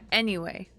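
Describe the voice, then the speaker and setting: A tired young woman streaming a game, chatting casually with viewers in a slow, drowsy manner, with frequent laughs and sighs along the way. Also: sharp tone. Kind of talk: casual gaming stream chat.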